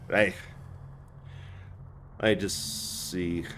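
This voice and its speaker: A young man live streams a game from a hot room at home, chatting and laughing often with his chat, addressing viewers by name in a cobbled-together Scottish accent. His voice is lowish, with game music and slight background noise behind him.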